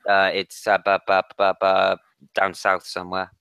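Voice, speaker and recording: A man's voice: sits low, completely flat delivery, normal speed, a bit bright, clear, resonant tone, no echo. A man co-hosting a late-night football podcast, blunt and sweary, often restarting his sentences. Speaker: podcast co-host. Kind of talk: casual late-night chat.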